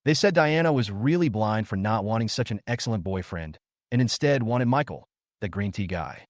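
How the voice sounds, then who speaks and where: A man narrating a recap story with a lively, up-and-down delivery at a middle pitch. The voice sits dry and close, with no room sound around it. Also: normal speed, dry recording. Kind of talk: scripted narration.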